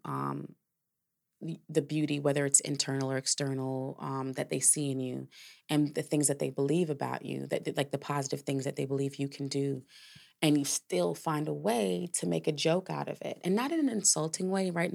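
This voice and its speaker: A woman's voice: sits low, gravelly. A woman hosting a podcast, telling a personal story in a candid, reflective way, with casual swearing and filler words. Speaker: podcast host.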